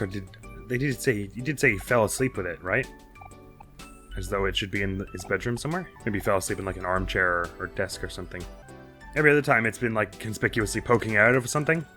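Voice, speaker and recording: A man's voice: fairly low pitch, fast talker, bright, forceful tone, faint music behind. A man giving chatty, wry commentary while he plays a video game, thinking aloud as he goes. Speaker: let's play host. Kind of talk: casual gameplay commentary.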